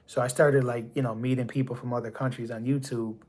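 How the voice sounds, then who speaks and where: A man's voice: medium pitch, little pitch movement, a little fast, darkish tone. A man from the United States hosting a live stream, talking to his chat in a loose, rambling, conversational way. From USA. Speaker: livestream host.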